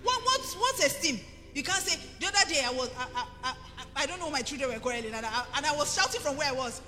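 A high-voiced Nigerian woman pastor preaches with a bright, sharp edge and swings her pitch widely. Her emphatic delivery rings through a reverberant church hall. Faint music plays underneath. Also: lively intonation, fast talker. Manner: emphatic, rising to forceful preaching. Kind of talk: sermon.

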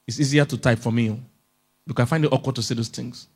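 A man's voice: mid-range voice, fairly even intonation, fast talker, slightly rough. A man from Africa, a relationship expert giving a humorous motivational talk at a conference, coaxing his audience and chuckling often.

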